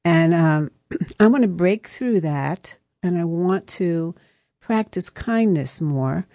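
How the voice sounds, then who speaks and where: A woman's voice: on the low side, expressive, slow pace, warm tone, dry recording. A woman hosting a live radio show in a studio, telling stories in a chatty, rambling way. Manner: chatty, anecdotal, rambling with restarts. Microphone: studio microphone.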